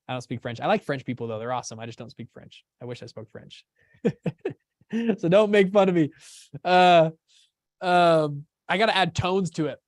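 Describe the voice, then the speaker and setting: A fairly high-voiced man runs a live class in a casual, upbeat way. He keeps pausing to ask whether his listeners are keeping up. The sound is close and dry, with no room echo. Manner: casual, upbeat, often checks understanding. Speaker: course host. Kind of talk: live teaching session.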